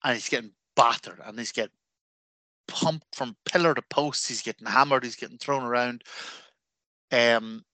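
An Irish man chatting on a podcast, animated and crude in his jokes. His voice is bright and forceful, recorded close and dry with no room sound. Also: medium pitch, normal speed, pauses often, dry recording. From Ireland. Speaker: podcast co-host. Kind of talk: casual chat.

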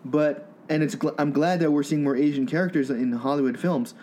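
A man co-hosting a podcast in casual chat, speaking thoughtfully and haltingly with fillers. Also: on the high side, fairly even intonation, darkish tone, a little hiss or hum. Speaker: podcast co-host.

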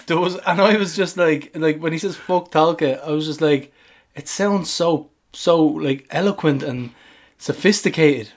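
A man co-hosting a casual podcast, with a voice pitched a little higher than most men's. He rambles through plans in a laid-back, jokey way. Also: normal speed. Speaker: podcast co-host. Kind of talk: casual chat.

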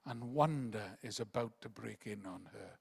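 A man preaching a rambling sermon that swings between loud emphatic bursts and hushed quiet passages. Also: lowish voice, moderate pace, gravelly, breathy edge. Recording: long reverb of a large hall.

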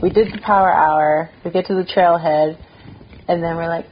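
A young woman telling a lively story as a podcast guest, laughing often and swearing casually. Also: lowish voice, normal speed, a little hiss or hum. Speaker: podcast guest, thru hiker. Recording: dull lo-fi sound.

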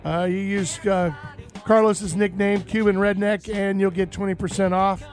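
Man, radio host, high-pitched, upbeat, studio broadcast. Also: flat delivery, normal speed, faint music behind. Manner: upbeat, laughing, reads sponsor plugs and phone number. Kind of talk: live outdoors radio talk show. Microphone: studio mic.

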